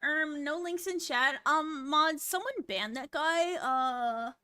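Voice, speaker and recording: A woman streamer talking casually to her chat, unhurried and laid-back, with swearing that slips in easily. Her voice sits high and bright.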